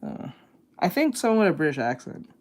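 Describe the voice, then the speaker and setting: A man's voice: on the high side, sing-song, a little fast. Rambling, hesitant male streamer. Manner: rambling, hesitant, full of fillers and restarts. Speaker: art streamer reacting to videos. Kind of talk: casual live-stream chat.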